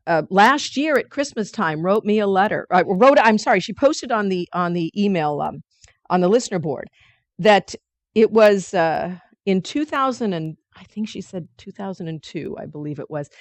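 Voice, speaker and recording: A woman leads a spiritual study group in a midrange voice, reading passages slowly and with emphasis. She explains them earnestly and often restarts her sentences. Her voice sounds dry and close to the mic. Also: medium pitch, dry recording. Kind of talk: reading and teaching a spiritual text.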